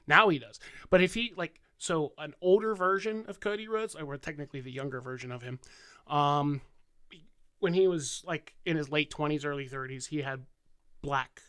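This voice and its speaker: Out-of-breath man with a bright voice. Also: fairly high pitch, moderate pace, clean tone. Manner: laid-back, swearing, explaining wrestling at length. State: out of breath from being sick. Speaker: podcast co-host. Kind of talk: casual podcast chat.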